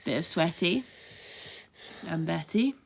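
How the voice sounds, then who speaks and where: Low-voiced woman chatting casually. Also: takes it slowly, gravelly, husky. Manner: relaxed, chatty, teasing. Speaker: luxury resale vlogger. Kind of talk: casual chat while shopping. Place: charity shop, indoors.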